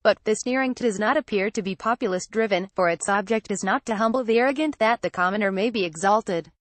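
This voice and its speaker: A woman reading an opinion article aloud as scripted narration, at a measured, even pace. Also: medium pitch, no room sound.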